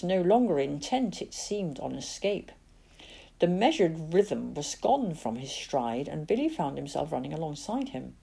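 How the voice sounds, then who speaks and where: A woman reading a storybook aloud with a low, husky voice. Her delivery is expressive and dramatic, swinging widely in pitch, and her tone stays mellow and soft-edged. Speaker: narrator. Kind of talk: storybook narration.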